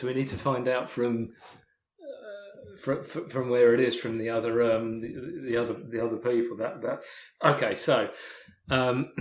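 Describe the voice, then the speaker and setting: An English man, a podcast guest, telling a story in casual talk, halting with many restarts and repeated words. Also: mid-range voice, echoey room. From England. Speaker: podcast guest, hiker and author.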